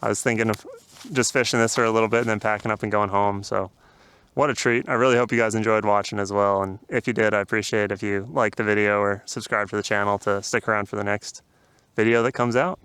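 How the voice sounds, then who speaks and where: A man vlogging his fishing day outdoors on a river, talking casually to viewers with excited exclamations and laughter. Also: fairly low pitch, fast talker, clear, resonant tone, dry recording.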